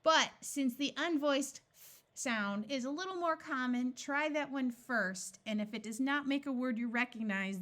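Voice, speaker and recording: A woman teaching a phonics lesson, sounding out each word slowly and then blending it together. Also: fairly high pitch, a bit bright. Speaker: reading tutor.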